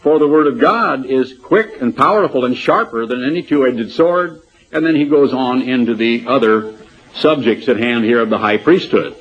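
A man's voice: medium pitch, moderate pace. A man preaching a sermon, reading passages aloud from commentaries and commenting on them wryly. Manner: reads quotes aloud then comments wryly. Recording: dull lo-fi recording.

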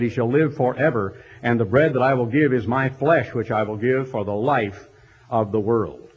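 A man preaching a sermon in an animated way, reading scripture and acting out the voices of the crowd. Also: medium pitch, slightly rough. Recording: dull lo-fi recording.

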